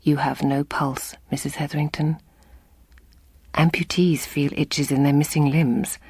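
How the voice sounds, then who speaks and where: A woman voicing a shy, earnest young male doctor who speaks in a polite, measured bedside tone. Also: low voice, little pitch movement, a little mellow, slightly rough, dry recording.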